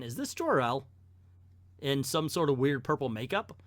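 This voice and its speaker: Man, comic book reviewer, lively sing-song delivery, dry close mic; casual and joking. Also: medium pitch, normal speed, no room sound. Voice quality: chatty, wry asides.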